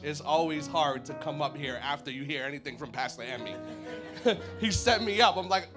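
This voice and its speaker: Energetic young-sounding male preacher. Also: a little high, brisk, music in the background. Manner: energetic, casual slang, joking. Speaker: guest preacher. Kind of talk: sermon. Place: church service.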